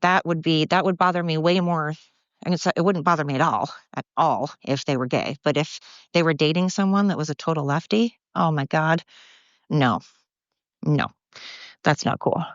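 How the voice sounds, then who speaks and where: A woman's voice: sits low, moderate pace, no echo, dull audio. A woman hosting a solo podcast, ranting bluntly with profanity and mocking herself, recorded on a phone. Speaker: podcast host.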